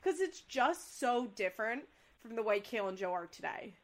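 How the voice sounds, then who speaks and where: A woman's voice: on the high side, animated, normal speed. A young woman co-hosting a podcast, chatting casually and acting out quoted lines with big voices. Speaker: podcast co-host. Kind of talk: casual chat recapping a reality show.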